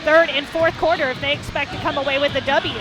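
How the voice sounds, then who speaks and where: High-voiced folksy female color commentator. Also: fairly even intonation, fast talker. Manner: folksy, analytical, plain-spoken. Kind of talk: sports commentary.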